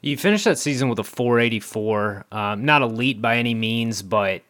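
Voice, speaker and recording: A male interviewer asking long questions with halting restarts. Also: mid-range voice, lively intonation, a bit bright, no room sound, clean studio sound.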